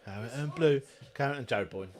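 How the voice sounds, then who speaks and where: A man's voice: mid-range voice, fast. A man hosting a live fan watchalong of a football match, commentating on the play as it happens and cheering his team. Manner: shouting, chanting, celebrating goals.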